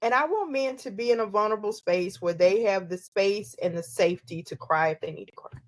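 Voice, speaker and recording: A woman's voice: mid-range voice, dry recording. A middle-aged woman co-hosting a podcast in casual chat, explaining her views at length with frequent restarts. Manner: thoughtful, drawn-out explanations with many restarts. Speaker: podcast co-host.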